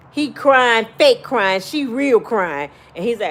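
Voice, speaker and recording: A woman's voice: a little high, big pitch swings, normal speed, hardly any pauses, fairly bright tone, a little hiss or hum. A middle-aged woman talking bluntly and profanely, giving life advice in casual, preachy storytelling.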